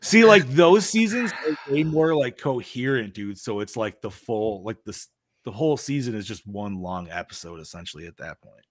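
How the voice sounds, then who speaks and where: A man's voice: medium pitch, normal speed, no echo, studio quality. A man in a casual podcast chat, telling a story with lots of swearing and "dude", acting out the characters' lines. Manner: animated storyteller, swears a lot, says dude. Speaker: podcast co-host.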